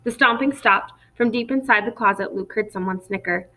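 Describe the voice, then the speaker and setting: A woman narrates an audiobook chapter in a steady, measured way. Her voice sits at a middling pitch and keeps an even storytelling pace. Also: rough recording. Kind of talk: scripted narration.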